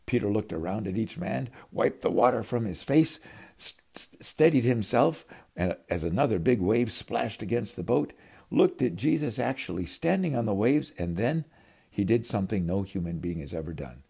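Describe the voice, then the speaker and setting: A man delivers a storytelling sermon in a very low, husky, mellow voice. His pitch swings widely as he dramatizes the scenes. He speaks to his listeners as his friends. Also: lively intonation, normal speed. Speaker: preacher.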